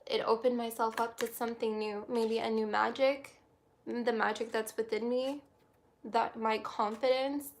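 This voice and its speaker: A woman doing a tarot reading on a livestream, reflective and halting, close to tears. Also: on the high side, fairly even intonation, a little hiss or hum. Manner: soft, reflective, halting with many restarts. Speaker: tarot reader.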